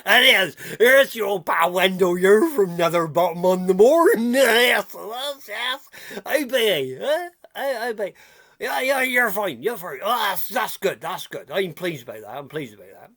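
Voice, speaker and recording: A man's voice: high voice, lively intonation, unhurried, sharp tone, heavily acted. A man playing a chatty, giggly old countryman with rheumatism, rambling folksy gossip and repeating himself in a comic character video. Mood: gossipy.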